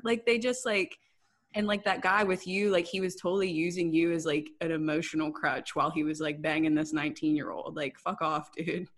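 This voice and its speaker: A woman co-hosting a podcast, talking frankly in relaxed casual chat. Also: deep voice, a little fast. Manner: relaxed, frank, filler-heavy. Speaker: podcast co-host.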